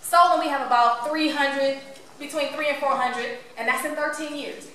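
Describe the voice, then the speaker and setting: A woman tells her story to a live audience in a high, lively voice. She is playful and keeps asking the room questions. The sound is echoey and distant, with faint room ambience behind her. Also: moderate pace, a little hiss or hum. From Cleveland, Ohio. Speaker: motivational speaker.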